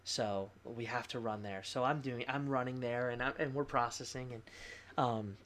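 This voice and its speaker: A young adult man, a pastor, sharing a personal testimony in casual conversation, candid and animated, with fillers and laughs. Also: mid-range voice, moderate pace.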